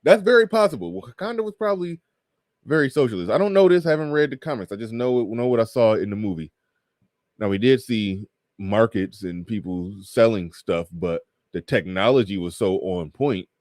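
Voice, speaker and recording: A man's voice: fairly low pitch, expressive, moderate pace, a little mellow, no echo, studio quality. A man hosting a casual livestream, reading viewer comments aloud and riffing on them with frequent laughs. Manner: reads viewer super chats aloud and riffs; laughs often, trails off mid-thought. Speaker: livestream host.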